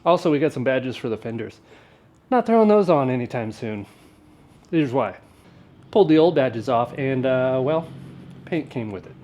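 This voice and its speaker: Laid-back man with a mid-pitched voice, joking wryly through a casual garage vlog. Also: expressive, moderate pace, pauses often, mellow, dull audio. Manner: laid-back and wry, with offhand jokes. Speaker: vlogger working on an old truck.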